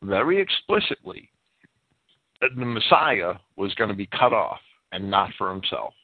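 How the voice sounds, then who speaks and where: A man's voice: fairly low pitch, big pitch swings, normal speed, slightly rough, no room sound. A man speaking over a headset as a co-host. He is sneezing and coughing, and agrees eagerly with repeated restarts. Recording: dry tinny phone-like line.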